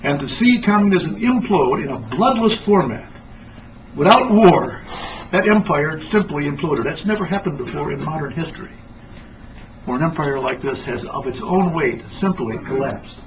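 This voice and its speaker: High-voiced animated male lecturer. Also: moderate pace. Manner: animated, emphatic storyteller. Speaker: speaker. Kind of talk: lecture talk. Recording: distant dull lo-fi mic with faint noise.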